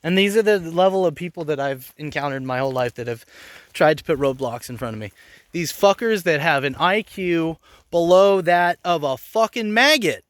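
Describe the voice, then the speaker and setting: A man's voice: on the high side, expressive, moderate pace, no room sound. A man in his forties telling personal stories in a casual vlog, blunt and profane, rambling with bursts of anger. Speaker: vlogger.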